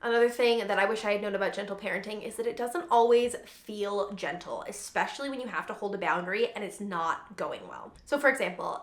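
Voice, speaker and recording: Young woman, parenting vlogger, earnest, chatty, medium pitch, echoey room. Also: bright, forceful tone. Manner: chatty, earnest, frequent "like" fillers. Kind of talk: casual advice vlog.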